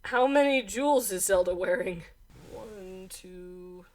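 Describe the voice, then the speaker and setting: A woman's voice: medium pitch, slow pace, a little mellow. A woman running a gamebook adventure as game master, reading aloud casually and laughing between lines.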